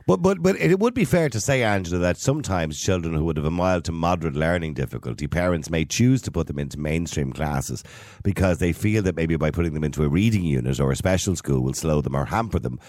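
Deep-voiced, fast-talking radio host. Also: male voice, dry recording, studio quality. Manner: moderating, interjecting to calm callers. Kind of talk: live radio call-in debate.

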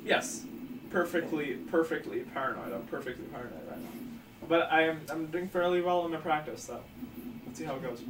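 A man's voice: a little high, animated, fairly quick. A teenage guy teasing and talking freely in a casual podcast chat. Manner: teasing, talkative. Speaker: podcast co-host. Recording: echoey room, far from mic, noisy.

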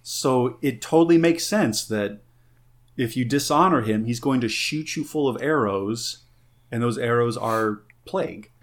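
A man's voice: mid-range voice, measured pace. Playful man giving a mini-lecture. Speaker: podcast co-host. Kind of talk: casual podcast chat.

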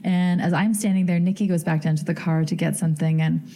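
A woman's voice: lowish voice, steady tone, fast talker, warm tone. A woman hosting a podcast, telling a story in a giddy, chatty way full of fillers. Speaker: podcast host.

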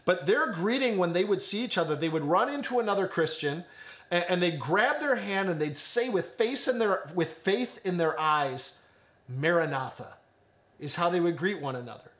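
A young man with a high voice preaches an online sermon. He talks earnestly and builds emphasis by repeating key phrases. His delivery swings between slow, weighty lines and quicker asides. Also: expressive, fairly bright tone. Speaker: pastor.

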